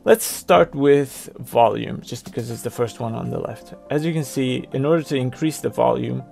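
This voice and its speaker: A man presenting a software tutorial, talking through each step on screen in a plain explanatory way. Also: mid-range voice, creaky. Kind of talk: screen-recorded software walkthrough.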